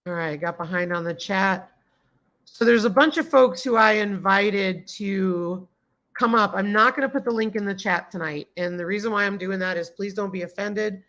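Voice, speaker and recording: A woman's voice: medium pitch, moderate pace, fairly bright tone. A woman hosting a casual live stream, greeting viewers by name, reading chat comments aloud and gushing with thanks. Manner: gushing and grateful toward viewers. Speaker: livestream host.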